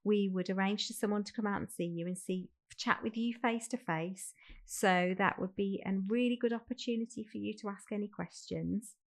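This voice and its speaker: A woman's voice: medium pitch, fairly quick. Birmingham woman explaining next steps. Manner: friendly, reassuring, explains step by step. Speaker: fostering recruitment manager. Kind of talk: role-played phone call.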